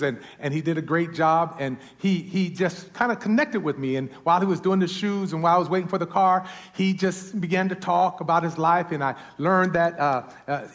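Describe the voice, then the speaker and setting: A man's voice: a little high, big-room sound. A man preaching a sermon as a pastor, often repeating words and calling for amens from the congregation.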